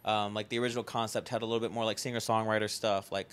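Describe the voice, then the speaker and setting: A man's voice: lowish voice, flat delivery, very fast, fairly bright tone, smooth. A young man, a festival founder, talking casually on a podcast in a rambling way full of fillers and the odd swear.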